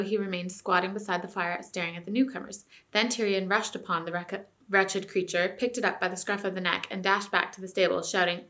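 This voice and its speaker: A woman teacher reading a novel aloud to her class, with clear storytelling. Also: medium pitch, sharp tone.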